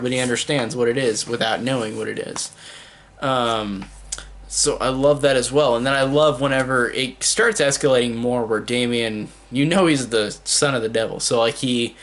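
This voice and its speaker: A man's voice: mid-range voice, fairly bright tone. Rambling enthusiastic man reviewing a movie. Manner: rambling, heavy use of "like" and "um"; enthusiastic, gushing praise. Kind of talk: casual unscripted review.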